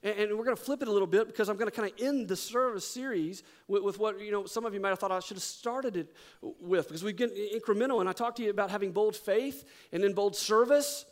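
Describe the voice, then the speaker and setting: In a sermon, a middle-aged male pastor relates a story with animation that drops into hushed intensity. His voice sits high and moves fast.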